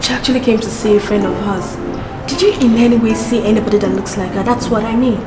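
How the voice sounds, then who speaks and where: A woman's voice: a little high, fast, natural voice. An actress with a Nigerian accent playing a worried young woman who explains herself in an earnest, insistent way. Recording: echoey room with loud music.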